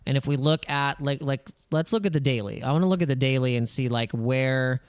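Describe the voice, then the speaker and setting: A man hosting a crypto channel, talking over charts in casual, excitable commentary and acting out panicky investor voices. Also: medium pitch, a little fast, clean tone, dry recording, clean studio sound.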